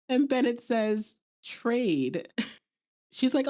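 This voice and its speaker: A woman's voice: fairly high pitch, animated, drawn-out words, long pauses, darkish tone. A woman hosting a podcast, chatting casually as she recaps an episode and quotes characters playfully.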